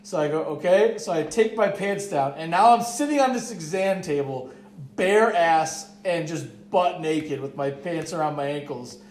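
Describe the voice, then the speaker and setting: A man's voice: a little high, lively intonation, normal speed, a little mellow. A young man telling a long story on a podcast, rambling, swearing freely and saying "like" constantly. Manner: rambling, profane, heavy use of "like". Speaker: podcast co-host. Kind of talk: casual storytelling chat. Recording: echoey room.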